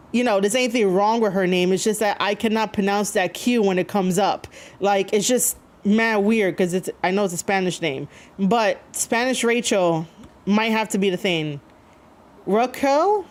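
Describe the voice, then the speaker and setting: A woman streaming live, chatting casually to her viewers with many fillers, rambling and reading chat messages aloud. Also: mid-range voice. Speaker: streamer reacting to wrestling.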